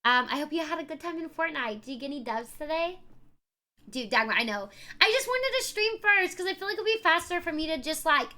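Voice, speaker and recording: Bubbly high-voiced woman streamer. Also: animated, a little fast, pushed and bright. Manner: bubbly, effusive, thanks chat by name. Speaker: variety streamer. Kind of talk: casual live-stream chat.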